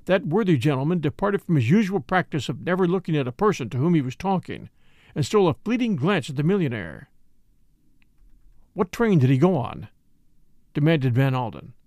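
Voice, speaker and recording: A man narrating a classic mystery novel in an audiobook, measured and expressive. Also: fairly high pitch, no room sound, studio quality. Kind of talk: scripted narration.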